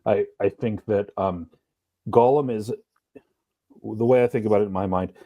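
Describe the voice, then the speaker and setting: A man co-hosting a podcast, talking through a book in a thoughtful, measured way. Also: on the low side, no room sound, narrow, tinny audio. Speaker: podcast co-host. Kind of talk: casual book discussion.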